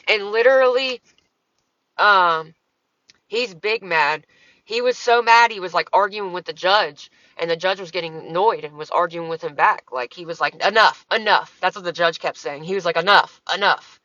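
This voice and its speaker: A woman's voice: lowish voice, moderate pace, fairly bright tone, dry recording, dull audio. A woman talking casually on her livestream, answering comments in a profane, exasperated, rambling way.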